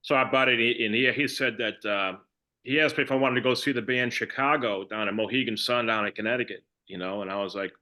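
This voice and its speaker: An older man from Massachusetts with a Boston accent, doing a stand-up comedy set of deadpan one-liners, full of fillers and restarts. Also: medium pitch, fast. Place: online comedy show.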